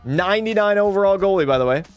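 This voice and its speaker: A young man narrates his hockey gameplay for his stream in a slightly raised voice. He moves quickly from play-by-play to loud disbelief at every goal against him. Faint game music runs behind him. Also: high-pitched. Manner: excitable, swings to frustrated yelling at the game. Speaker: gaming streamer. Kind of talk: live gameplay commentary.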